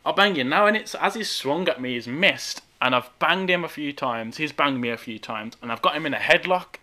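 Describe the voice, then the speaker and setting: A young man with a Birmingham accent telling a story in animated, slangy casual chat, often laughing. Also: on the high side, brisk. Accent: Birmingham English. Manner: animated, laughing, street slang, frequent tag questions. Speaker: guest storyteller.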